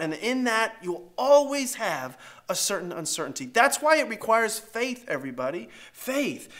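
A middle-aged man preaching a sermon as pastor, animated and acting out voices in his stories. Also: high voice.

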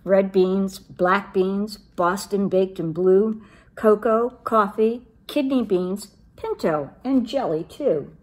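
A woman voicing the smallest male chihuahua in a storybook, talking high and excitably. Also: slow pace, natural voice. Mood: excited.

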